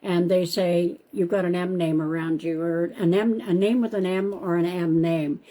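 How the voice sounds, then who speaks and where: A woman's voice: lowish voice, steady tone, normal speed, dark tone. A woman hosting a live stream as a psychic medium, chatting casually and calling viewers by name, often repeating herself. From Canada.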